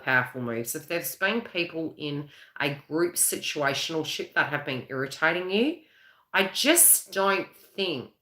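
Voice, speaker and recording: Woman, low-pitched, lively, bright, chatty, laughing, live reading, echoey room. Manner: chatty, laughs often, rambling with restarts. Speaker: psychic reader hosting a live stream. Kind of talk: live-stream tarot and astrology reading.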